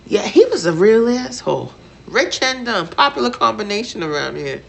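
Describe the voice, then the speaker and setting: A woman's voice: mid-range voice, very animated, normal speed, vocal fry, poor audio. An actress playing a blunt, grieving working-class woman in a film drama, speaking with a Boston accent. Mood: scornful.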